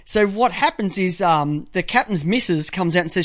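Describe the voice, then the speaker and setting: Host: Australian man, high voice, crude rambling storyteller, loud bursts. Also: expressive, normal speed, few pauses. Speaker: podcast host. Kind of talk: casual call-in show chat.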